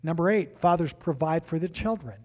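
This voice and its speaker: A middle-aged man preaching as a pastor, telling family stories with halting restarts and acting out the dialogue. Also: on the high side. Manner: animated, acts out dialogue in raised voices; halting restarts and repeated words. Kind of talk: storytelling sermon.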